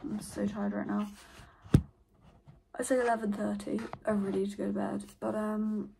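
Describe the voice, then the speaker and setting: A woman's voice: mid-range voice, flat delivery, moderate pace, gravelly, heavy background noise. A young woman chatting casually to camera at home in her bedroom, rambling and saying "literally" and "like" a lot. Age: young adult. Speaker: vlogger. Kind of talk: casual vlog chat.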